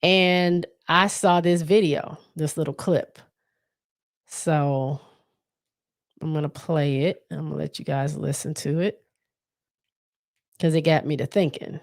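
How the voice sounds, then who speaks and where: A woman's voice: deep voice, steady tone, takes it slowly, long pauses. A woman hosting a solo podcast in a loose, chatty way, with plenty of fillers and restarts. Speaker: podcast host. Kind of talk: casual solo podcast chat.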